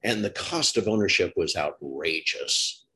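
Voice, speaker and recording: A man's voice: deep voice, expressive, a little slow, pushed and bright. A middle-aged man hosting an interview, talking in long rambling stretches with restarts and self-corrections. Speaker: podcast host. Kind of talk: casual interview chat.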